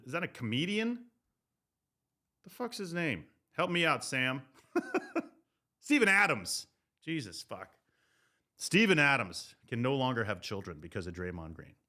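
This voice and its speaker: A man hosting a sports podcast, ranting comedically with loud, profane riffs. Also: medium pitch. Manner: loud, profane, animated riffing. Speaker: podcast host.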